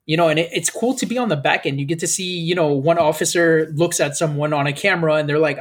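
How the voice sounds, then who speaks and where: A man with a high, somewhat husky voice talks in a loose, casual chat. He rambles through a story, stacking fillers and slipping into the voices of the people he describes. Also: fast talker, few pauses. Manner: rambling storyteller, acts out quoted officers, many fillers.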